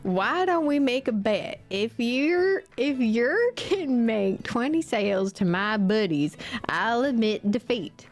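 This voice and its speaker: Gruff-friendly old sea dog with a salty put-on accent, teasing and hearty, voiced by a woman. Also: huge pitch swings, slow, long pauses, darkish tone, heavily acted. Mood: boisterous. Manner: put-on salty sailor accent, booming and playful. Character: jovial old male sailor, hearty and teasing.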